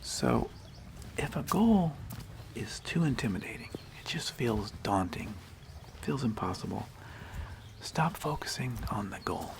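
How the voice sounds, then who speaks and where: A man talking in a gentle, whispery ASMR manner, telling a story unhurriedly while out on a nature hike. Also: mid-range voice, big pitch swings, measured pace, creaky. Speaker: ASMR host. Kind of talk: soft-spoken ASMR talk.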